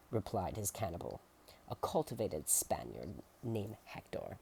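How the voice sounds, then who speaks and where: A soft-spoken ASMR narrator reading a storybook aloud, slipping into whispers and making playful asides. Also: low voice, big pitch swings, measured pace, gravelly, husky.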